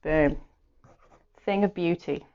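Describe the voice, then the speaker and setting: A woman's voice: on the low side, slow pace. An Irish woman chatting casually and giggling to herself as she draws at home during a live stream. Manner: chatty, giggly, talks to herself while sketching. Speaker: art streamer. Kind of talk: casual chat while drawing. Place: home room. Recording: dull lo-fi stream audio.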